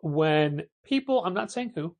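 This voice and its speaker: A man's voice: a little high, animated, a little slow. A man co-hosting a comic shop podcast, telling stories and grumbling in casual chat. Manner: storytelling, mildly grumbling.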